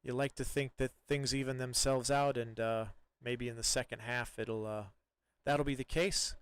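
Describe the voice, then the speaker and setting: A man doing live play-by-play soccer commentary in a relaxed, chatty way, with many fillers and restarts. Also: medium pitch, moderate pace, smooth, no echo.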